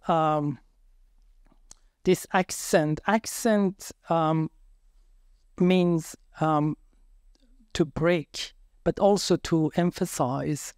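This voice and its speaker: Brief: male academic panelist, slow and halting, smooth clear voice, dry close sound. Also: fairly high pitch, darkish tone, dry recording. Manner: halting, searching for words, measured. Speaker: panelist researcher. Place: conference hall panel.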